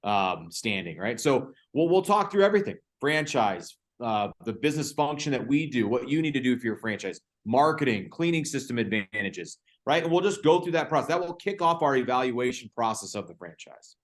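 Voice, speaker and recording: A man's voice: medium pitch, big pitch swings, brisk, few pauses. A man guest explaining franchise steps point by point, often checking in with "right?". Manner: ends points with tag questions. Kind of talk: explaining a process.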